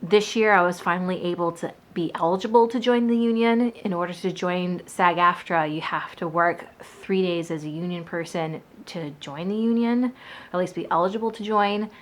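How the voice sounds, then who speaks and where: A woman's voice: on the low side, normal speed. A woman book vlogger chatting casually about her reading and her goals, hedging and correcting herself as she goes. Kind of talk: casual chat. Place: Boston area.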